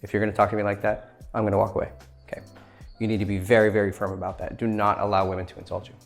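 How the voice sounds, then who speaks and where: A man's voice: on the low side, little pitch movement, rapid-fire, creaky, soft background music. A man giving blunt, profane dating advice in a casual lecture, acting out quoted lines as he goes.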